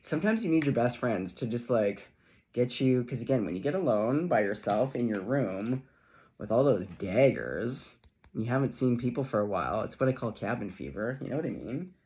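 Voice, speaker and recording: A middle-aged man talks viewers through a tarot spread in a loose, chatty way. His pitch is animated and swings widely, and he keeps slipping into playful asides and little laughs. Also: moderate pace. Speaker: tarot reader. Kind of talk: casual tarot reading to camera.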